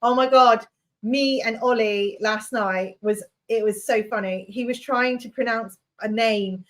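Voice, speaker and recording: A woman's voice: fairly high pitch, steady tone, a little slow, a little hiss or hum. A woman co-hosting a casual livestream chat, with chatty asides and laughter. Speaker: co-host.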